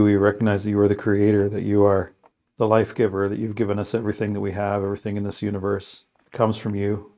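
A man with a somewhat low voice who prays, reads scripture and reflects in an earnest, thoughtful way. He talks with pauses and restarts as he works through his thoughts. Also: gravelly, a little mellow. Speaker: co-host of a scripture podcast. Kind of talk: prayer, scripture reading and casual reflection.

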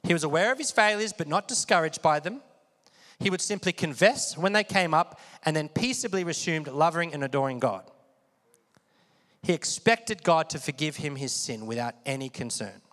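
A man's voice: a little high, lively intonation, moderate pace, fairly bright tone. A man preaching a sermon in a conversational way, often asking his listeners questions and getting them to repeat words. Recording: long hall reverb.

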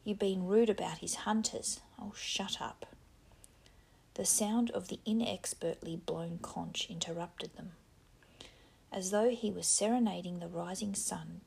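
A woman narrating a novel in a soft, half-whispered reading voice. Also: on the low side, creaky, husky. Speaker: audiobook narrator. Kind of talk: scripted narration.

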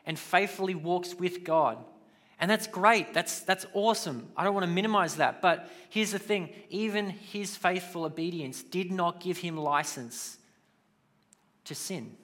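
A man's voice: high-pitched, sharp tone. A man preaching a sermon in a conversational way, with casual asides. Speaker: pastor.

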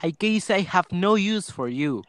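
A cruel male demon who taunts his victims in a homemade radio drama, voiced by a man in a barely changed voice. He reads loudly and mockingly, in a slightly high register. The sound is dry and close. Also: expressive, measured pace, no echo. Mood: taunting.

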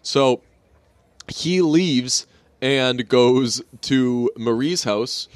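A man's voice: medium pitch, very slow, clear, resonant tone, no echo. A man hosting a comedy podcast who recaps a sitcom in a rambling way and acts out the characters as he goes. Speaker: podcast host.

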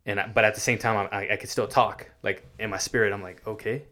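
A man telling a personal faith story in casual chat, earnest and halting, often repeating his words. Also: lowish voice, fairly even intonation, pushed and bright. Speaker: guest sharing testimony.

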